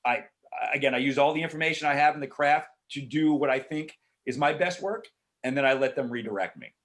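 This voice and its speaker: A man, an actor, answering questions in a casual Q&A over a video call, frank and animated, swearing freely and filling talk with asides. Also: mid-range voice, brisk. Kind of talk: casual Q&A storytelling.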